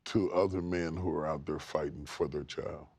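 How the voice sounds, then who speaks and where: A man hosting a TV talk show interview, speaking expressively and emphatically with sweeping pitch. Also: steady tone, normal speed. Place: TV studio with live audience. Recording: studio audience noise.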